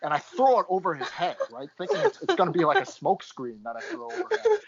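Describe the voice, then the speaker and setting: A man's voice: high-pitched, huge pitch swings, fast talker, crowd noise. A young adult man on a podcast, casually telling a rambling story and tagging his lines with "right?". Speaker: podcast co-host. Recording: dull lo-fi sound.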